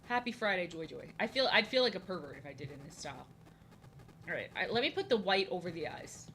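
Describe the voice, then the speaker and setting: A woman's voice: on the low side, sing-song, fast talker, fairly bright tone, slight background noise, low-quality recording. A woman chatting casually on a live stream while she draws, rambling, repeating lines and poking fun at herself. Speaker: art streamer.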